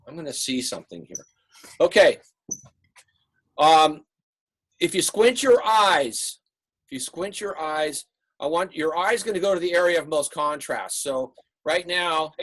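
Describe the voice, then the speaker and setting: A man teaching an online art class over a video call, relaxed and rambling with many fillers. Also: fairly high pitch. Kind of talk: online class lecture and critique.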